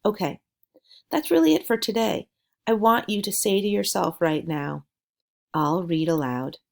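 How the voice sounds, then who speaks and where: A woman teaching a writing lesson, speaking slowly and deliberately in an encouraging way. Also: mid-range voice, sing-song, creaky, darkish tone. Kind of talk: recorded classroom lesson.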